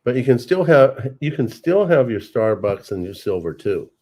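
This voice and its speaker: A man's voice: medium pitch, very animated, moderate pace, a little mellow. A man hosting a livestream, chatting easily, agreeing with his guest and reading out viewer comments. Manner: easygoing and agreeable, reads out chat comments. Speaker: livestream host. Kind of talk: casual livestream chat.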